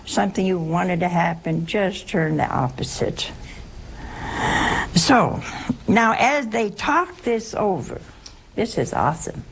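A woman's voice: fairly low pitch, expressive, takes it slowly, vocal fry, long pauses, slight background noise. A woman teaching a Catholic Bible lesson to a group in a conversational way, asking her listeners questions and acting out the quotes. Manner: conversational, asks the audience questions, acts out quotes. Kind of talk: lively scripture teaching to a group.

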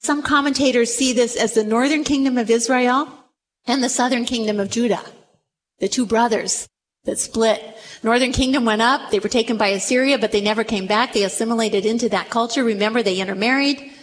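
A woman preaching a sermon to a gathered group, telling the story with dramatic emphasis and dropping low for asides. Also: a little fast, long reverb tail, slight background noise. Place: church or meeting room with a group.

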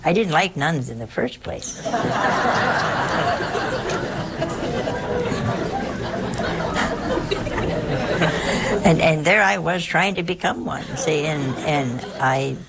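Older nun, low gravelly voice, rambling memoir talk with chuckles. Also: female voice, normal speed, a loud crowd, low-quality recording. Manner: rambling, repetitive, chuckling asides. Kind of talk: personal storytelling.

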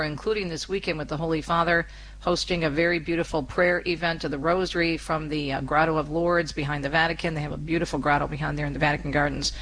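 A woman hosting a Catholic talk radio show, speaking briskly and upbeat with quick asides. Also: lowish voice, a bit bright, rough recording. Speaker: radio host.

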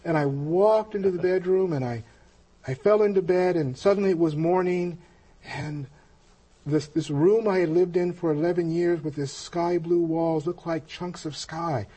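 Brief: man, husky, mellow voice, slightly high, halting personal testimony. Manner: slow, halting, with many pauses and restarts.

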